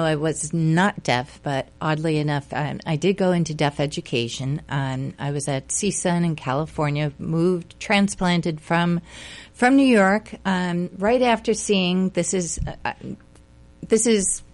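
A woman's voice: lowish voice, unhurried. A woman being interviewed as a guest on a radio talk show, answering in an easygoing way. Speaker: guest, independent producer.

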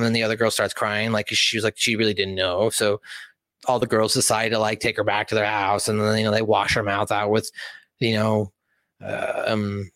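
A man's voice: lowish voice, fairly bright tone, no room sound. A young man reviewing a movie on a casual livestream, rambling and swearing, with many fillers.

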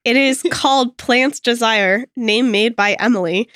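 A woman's voice: fairly high pitch, a little slow, fairly bright tone, no room sound, clean studio sound. A woman player getting over a cold, chatting casually and giggling at a tabletop game podcast.

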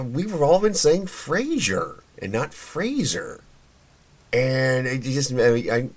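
A man hosting a podcast in a casual solo commentary, chatty and opinionated, with plenty of fillers and restarts. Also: mid-range voice. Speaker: podcast host.

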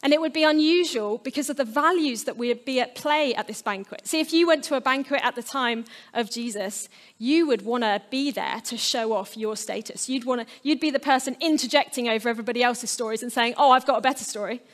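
A woman's voice: on the high side, a little fast. A woman giving a sermon, earnest and storytelling, with playful asides. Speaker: preacher.

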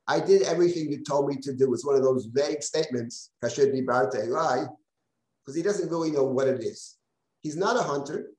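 A man's voice: a little high, darkish tone, reverberant, rough recording. A man teaching a live text-study class as a rabbi, reading verses aloud and explaining them in a conversational way with self-deprecating asides.

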